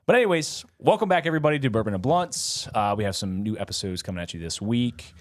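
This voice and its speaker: A young man co-hosting a laid-back podcast, talking in a loose, rambling way with plenty of ums and laughs. His pitch swings widely as he talks, rising and dipping through each sentence. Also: expressive, quick pace. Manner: rambling, lots of fillers and laughs. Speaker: podcast co-host. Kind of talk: casual podcast chat.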